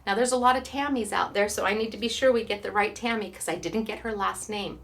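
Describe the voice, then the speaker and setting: A woman's voice: mid-range voice, fast talker, creaky. A woman hosting a craft class, chatting to online viewers in a bubbly way and laughing often. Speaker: craft store host. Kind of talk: casual chat to online viewers.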